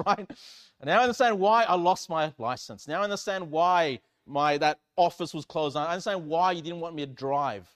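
A male church pastor preaching by telling a personal story, with animated delivery that swings from loud exclamations to hushed, low lines. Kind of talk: sermon storytelling.

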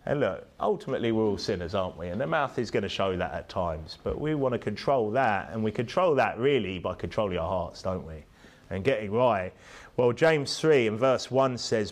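A man preaching a sermon, rising to emphatic peaks and dropping low on tag questions. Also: expressive, fairly quick.

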